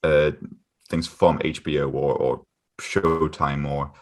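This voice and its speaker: A man in a casual podcast chat who talks haltingly, with many pauses and short laughs. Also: extremely low pitch, fairly even intonation. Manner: halting, lots of "uh" fillers, laughs often.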